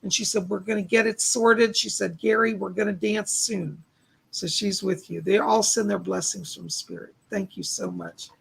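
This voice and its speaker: A male psychic medium on a live stream, hoarse from losing his voice, relaying spirit messages and thanking donors by name. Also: high voice, fairly even intonation, normal speed, a bit bright. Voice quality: gravelly, husky voice. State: losing his voice, clearing his throat.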